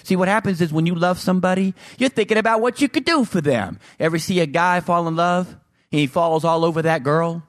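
A man preaching a sermon as pastor, with an emphatic delivery that swings between loud highs and low, slow lines. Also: no room sound, clean studio sound.

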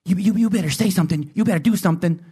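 A preacher putting on a sly, taunting devil. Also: male voice, high voice, very fast, dark tone, slightly rough. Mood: goading. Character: sly taunting male devil stalking a victim.

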